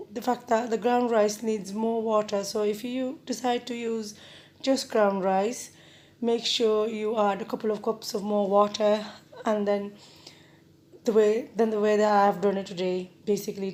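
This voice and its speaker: A woman hosting a casual home cooking tutorial with a croaky voice from a sore throat, chatty and repeating herself with many ums. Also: medium pitch, darkish tone. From Bangladesh.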